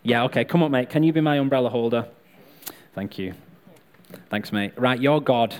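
A man's voice: medium pitch, normal speed. A man preaching a sermon in a chatty, joking way, talking straight to the people in front of him and calling them up to help. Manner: chatty, joking, addresses the crowd directly. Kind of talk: sermon with live props and volunteers.

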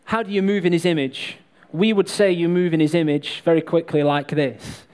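A man giving a sermon in a loose, joking manner, with a voice that sits a little high for a man. He talks straight to the crowd and keeps things light and friendly. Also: fairly even intonation, moderate pace, darkish tone, smooth. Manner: chatty, joking, addresses the crowd directly. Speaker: preacher. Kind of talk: sermon with live props and volunteers.

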